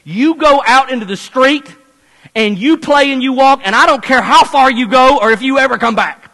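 Man playing a tired mom, sharp, exasperated, raised voice, reverberant hall. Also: very high-pitched, moderate pace, voice pushed up, heavily acted. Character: worn-out mother snapping at her son.

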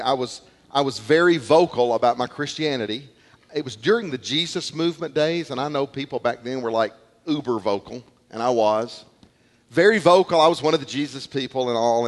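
A middle-aged male pastor preaching a sermon in church, telling stories in an animated way, repeating words and acting out quotes. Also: medium pitch. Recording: long hall reverb.

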